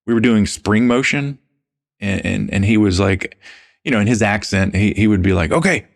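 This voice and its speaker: Deep gravelly man. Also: moderate pace. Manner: relaxed, anecdotal, uses "man" and "dude". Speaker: podcast guest. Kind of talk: casual storytelling interview.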